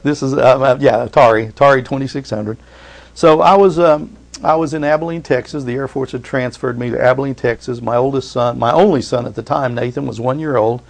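A man's voice: mid-range voice, brisk, vocal fry. A middle-aged man preaching a sermon as pastor, reading scripture aloud with force and asking his congregation for responses.

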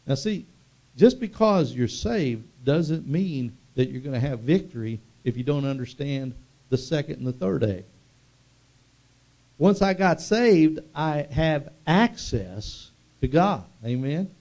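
A male pastor preaching with a fairly high voice, calling out to the congregation for amens. He tells stories in a plain, chatty way, then climbs into fervent proclamation. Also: big pitch swings, slow. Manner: call-and-response, builds to fervent shouting. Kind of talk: sermon.

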